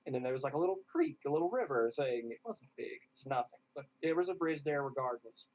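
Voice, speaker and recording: A man, a guest in an interview, telling a lively story and acting out what others said. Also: mid-range voice, quick pace. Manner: animated, acts out what others said. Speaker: interview guest, airsoft player. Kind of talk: casual storytelling. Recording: dull lo-fi sound.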